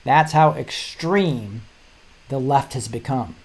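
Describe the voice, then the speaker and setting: A middle-aged man hosts his own show and talks casually through a stack of news articles. He rambles and restarts his sentences often, breaking into short chuckles as he goes. His voice sits at an ordinary middle pitch. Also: slow pace, slightly rough. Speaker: show host.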